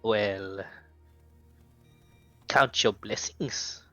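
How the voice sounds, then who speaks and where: A man voicing an ancient watcher owl of a mysterious island, speaking slowly and gravely. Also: fairly low pitch, bright, forceful tone, no room sound, highs cut off, soft background music, voice pushed down, heavily acted.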